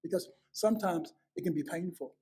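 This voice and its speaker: A man's voice: high voice, brisk, dark tone, slightly rough. A man in his fifties hosting a heartfelt family conversation, earnest, often repeating words as he starts a thought. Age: 50s. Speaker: host.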